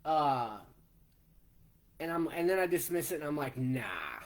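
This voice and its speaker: A man in his forties, slowly telling a personal story in a plain way, step by step. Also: a little high. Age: 40s. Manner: slow, plainspoken, retelling step by step. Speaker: vlogger.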